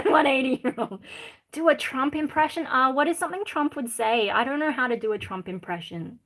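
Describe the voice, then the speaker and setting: An Australian woman from Sydney chatting casually on a livestream, reading out viewer comments in a rambling, candid way with many pauses. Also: high-pitched, animated, fairly bright tone. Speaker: livestream host.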